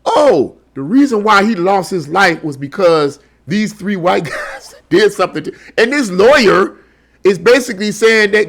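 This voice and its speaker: An indignant man rants through a commentary monologue, his voice sitting fairly high for a man. He keeps repeating words as he pushes his point and throws rhetorical questions at the listener. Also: lively intonation, normal speed, a bit bright. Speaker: online political commentator. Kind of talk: commentary monologue reacting to a news article.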